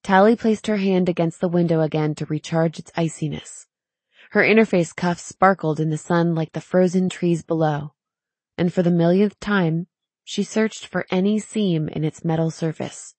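A woman narrating a novel in an even, measured storytelling manner. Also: on the low side, no room sound. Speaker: audiobook narrator. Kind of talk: scripted narration.

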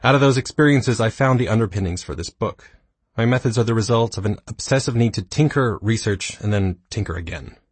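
Casting note: man in his thirties, low, husky voice, dry self-deprecating audiobook read, close and dry mic. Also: brisk, dry recording. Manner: dry, self-mocking humor. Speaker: audiobook narrator. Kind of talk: scripted nonfiction narration.

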